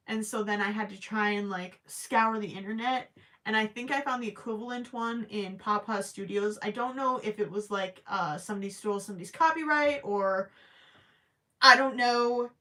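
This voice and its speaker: This crochet livestream host has a medium-pitched voice that sounds pushed and bright. Crocheting as she talks, she chats with viewers in a rambling, casual way, full of ums and jokes at her own expense.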